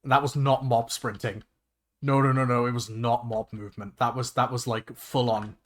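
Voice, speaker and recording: A young man chatting casually on a livestream while he plays a game, rambling and excitable, swearing freely and restarting his sentences. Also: medium pitch, moderate pace. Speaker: VTuber streamer. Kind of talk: casual gaming livestream chat.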